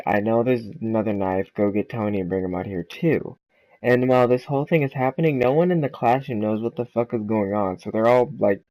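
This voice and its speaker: A man's voice: lowish voice, darkish tone, no room sound, low-quality recording. A young man hosting a gaming channel, telling a casual storytime with lots of swearing and "right?" and "like". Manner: quick, loose and informal, lots of "right?" and "like".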